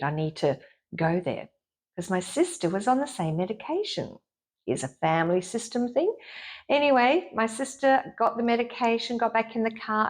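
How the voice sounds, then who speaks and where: Middle-aged woman guest, kinda husky, frank lively storytelling, talks about herself openly. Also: medium pitch. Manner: frank and lively, acts out her own inner voice. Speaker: intuitive therapist guest. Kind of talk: candid personal storytelling.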